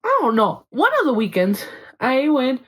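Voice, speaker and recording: A woman's voice: sits high, sing-song, moderate pace, a bit bright, rough recording. A young woman hosting her own podcast, telling a story in a chatty, swearing way and slipping into Spanish now and then. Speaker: podcast host. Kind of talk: casual chat.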